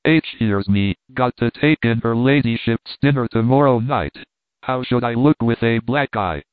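A man's voice: mid-range voice, normal speed, dry recording, lightly acted. A man voicing a nervous young servant who sounds anxious and pleading. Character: nervous young male servant backing out of a fight. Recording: dry, tinny phone-like sound.

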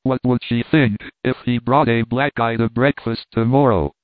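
A man narrating a novel in a measured, plain storytelling manner. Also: medium pitch, fairly even intonation, no room sound. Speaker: audiobook narrator. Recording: dry, tinny phone-like sound.

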